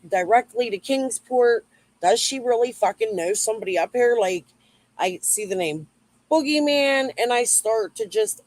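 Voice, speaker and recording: Woman, rambling livestream rant, swears a lot, middling pitch, dry close sound. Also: dry recording, poor audio. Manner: rambling, profane, replying to chat. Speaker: YouTube livestream host.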